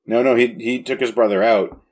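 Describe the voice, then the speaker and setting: A man's voice: medium pitch, steady tone, a little fast. A man chatting casually about a movie, enthusiastic and often restarting his sentences.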